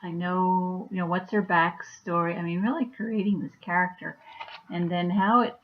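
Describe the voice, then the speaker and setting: A woman's voice: fairly low pitch, steady tone, normal speed, phone-quality sound, a little hiss or hum. A woman chatting casually on her vlog at home, rambling with many fillers. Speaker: YouTuber and author.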